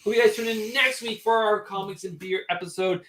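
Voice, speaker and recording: A man co-hosting a casual livestream, speaking in an easygoing way with halting restarts. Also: high voice, steady tone, a bit bright, slight background noise. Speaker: co-host.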